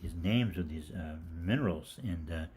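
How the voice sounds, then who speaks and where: Low-voiced older man telling rambling stories. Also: moderate pace, darkish tone, a little hiss or hum. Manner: rambling, jokey anecdotes with casual swearing. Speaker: host of a live health Q&A. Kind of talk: casual live Q&A storytelling.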